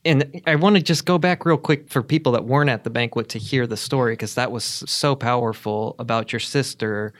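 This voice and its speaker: A man's voice: mid-range voice, fairly quick, few pauses. A man hosting an interview, listening attentively and encouraging his guest. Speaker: interview host. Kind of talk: conversational interview.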